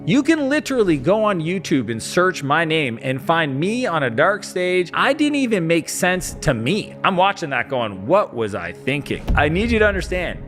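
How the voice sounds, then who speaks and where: Bright-voiced animated male business speaker. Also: on the high side, moderate pace, hardly any pauses, soft background music. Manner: animated, acts out scenes with quoted voices. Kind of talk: motivational business talk.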